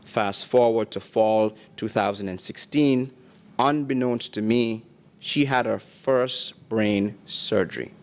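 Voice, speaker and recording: A man's voice: fairly low pitch, slow. Man reading graduation tributes aloud. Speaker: ceremony announcer reading tributes.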